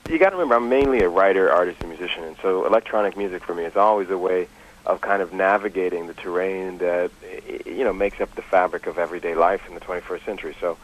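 A man's voice: low-pitched, fast, low-quality recording. A man, an artist and musician, talking loosely about his work in an interview, with "you know" and "man" in his speech. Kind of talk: relaxed interview talk.

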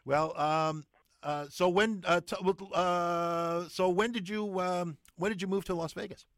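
A man's voice: high voice, steady tone, measured pace, fairly bright tone, no room sound, clean studio sound. A man hosting a radio interview, asking questions with lots of hesitation and fillers. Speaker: radio host.

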